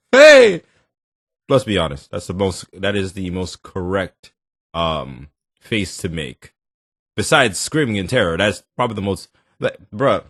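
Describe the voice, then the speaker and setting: A man hosting a reaction video, talking in animated, joking, slangy banter. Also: low voice, a little slow, no echo, studio quality. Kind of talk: casual reaction commentary.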